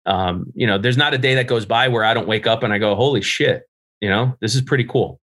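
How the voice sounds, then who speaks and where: A man's voice: medium pitch, a little fast, a bit bright. A middle-aged man from New Jersey, a podcast guest telling candid, profane stories about growing up and laughing at himself. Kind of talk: casual interview storytelling.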